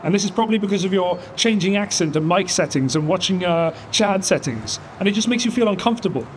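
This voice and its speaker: A man's voice: high voice, animated, fast, slight background noise. A male caster lecturing a colleague, frustrated.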